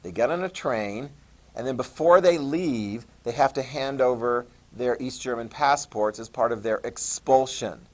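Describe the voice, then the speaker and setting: Male history teacher, animated classroom storyteller, mid pitch, repeats key terms. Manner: animated storytelling, acts out leaders in quick voices. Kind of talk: classroom lecture.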